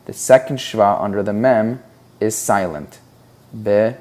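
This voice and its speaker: A man's voice: fairly low pitch, unhurried, darkish tone. A man teaching a Hebrew reading lesson, explaining patiently and sounding out syllables one at a time. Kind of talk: slow, deliberate instructional explanation.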